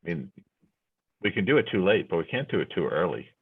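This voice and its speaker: A man with a very deep, husky voice talks in a meeting in a relaxed way, with dry jokes. His voice comes through a tinny, phone-like line. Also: fast talker. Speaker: committee member. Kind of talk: casual meeting discussion. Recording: tinny phone-like call audio.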